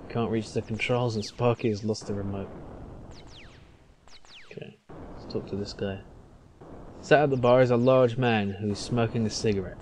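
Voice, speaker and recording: A man commentating a game, reading its text aloud with relaxed asides. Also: lowish voice, slight background noise. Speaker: gameplay commentator.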